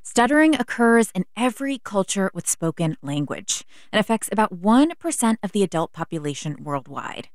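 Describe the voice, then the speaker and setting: A woman hosting a public radio interview show from a studio, speaking in a calm, measured way. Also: medium pitch, no room sound.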